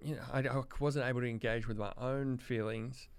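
Australian man, 30s, podcast guest, smooth voice, candid and halting, dry close mic. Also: medium pitch, steady tone, dry recording. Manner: reflective, halting, many restarts. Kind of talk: candid conversational interview.

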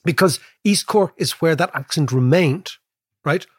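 A man talks economics on a podcast, spinning animated stories and checking in with the listener. His voice sits a bit high and sounds husky. The recording is close and dry. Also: measured pace, no room sound. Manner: animated, storytelling, frequent tag "right?". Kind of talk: casual conversational podcast.

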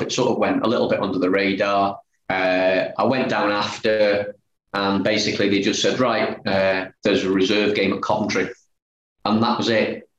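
A man, a former footballer telling a story as a guest, retelling conversations line by line. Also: fairly low pitch. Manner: chatty, retells dialogue with "he said, I said". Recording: roomy echo, faint noise.

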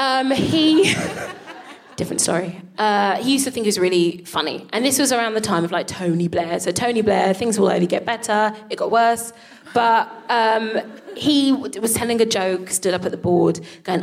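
A woman tells a comic story on stage into a stage microphone. She is animated, swears freely and laughs through her lines. Her voice sits at a middling pitch. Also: moderate pace. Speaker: co-host. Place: live venue with an audience.

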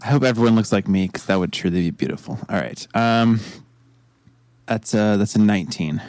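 A man's voice: lowish voice, fairly quick, darkish tone, dry recording. A man playing a tabletop fantasy game, bantering and joking in a vain, playful way. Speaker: player. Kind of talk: casual tabletop play.

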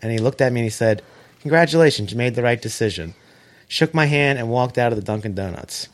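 A man telling a long story in casual chat, animated, swearing and acting out quoted dialogue. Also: mid-range voice, fast talker.

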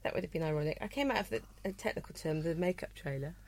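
Chatty actress guest from Wales, giggly and self-deprecating, gravelly fry in her voice. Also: fairly low pitch, racing, darkish tone. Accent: neutral English, Welsh accent lost. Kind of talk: comedy panel chat.

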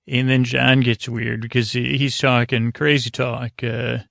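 Flat, gravelly man rambling through a recap. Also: mid-range voice, no room sound. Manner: halting, full of "uh" and "he goes". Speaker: podcast host. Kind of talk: rambling episode recap for sleep.

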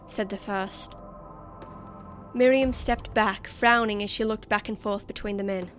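A woman reading a story aloud as narrator in a measured, expressive way. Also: medium pitch, faint music behind. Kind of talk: scripted narration.

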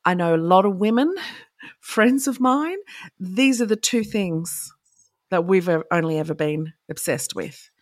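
A woman's voice: fairly low pitch, animated, unhurried, no echo, clean studio sound. A woman in her forties co-hosting a casual chat, candid and impassioned, laughing often. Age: 40s. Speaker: podcast co-host.

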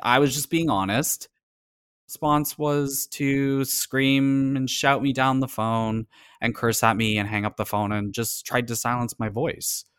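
A man's voice: medium pitch, fairly even intonation, a little slow, a bit bright, clear, resonant tone, dry recording, clean studio sound. A man from Canada in casual conversation as a podcast co-host, talking earnestly and reflectively about personal experience.

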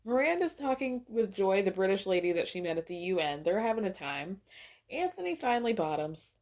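A woman's voice: medium pitch, big pitch swings, a little fast, a little mellow. Woman host, casual slangy recap voice, playful delivery of quoted dialogue. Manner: chatty, slangy, acts out quotes with laughs. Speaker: podcast host.

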